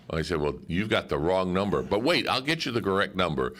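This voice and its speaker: A man's voice: lively intonation, fairly quick, hardly any pauses, a bit bright. A man chatting casually as a radio co-host, trading stories. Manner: chatty, drops low for asides. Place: radio station.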